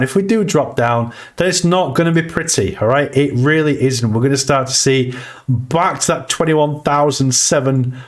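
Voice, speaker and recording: A man hosting a casual crypto livestream, reading the chat and talking through charts with bursts of excitement. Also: mid-range voice. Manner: excitable, swings between chart talk and shout-outs to chat.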